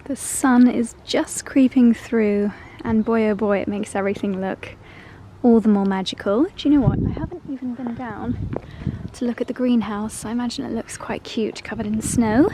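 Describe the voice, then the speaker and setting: With a noisy background behind her, a young lifestyle vlogger speaks at normal speed in a slightly high voice. She narrates her day to camera around her country home and garden, warm and gushing throughout.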